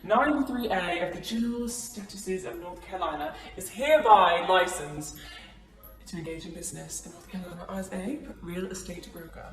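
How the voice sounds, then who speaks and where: A woman's voice: lowish voice, normal speed, far from the mic, faint music behind, natural voice. A woman voicing a stiff official letter reader in an exaggerated, silly put-on accent. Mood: mock-formal. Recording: echoey room, away from the mic.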